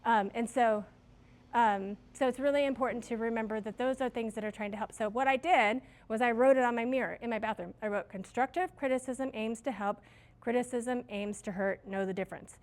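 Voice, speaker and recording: A woman's voice: on the high side, a little fast. A middle-aged woman who manages a restaurant, giving her staff a casual, story-filled training talk on leadership. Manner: casual, chatty, self-deprecating with stories.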